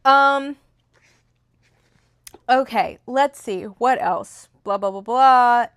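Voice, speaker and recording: A woman's voice: fairly high pitch, extremely slow, fairly bright tone, clear, resonant tone. A young woman in casual, rambling chat, retelling a novel's plot with lots of fillers and restarts, recorded on a phone. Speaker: book reviewer. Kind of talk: casual book review chat.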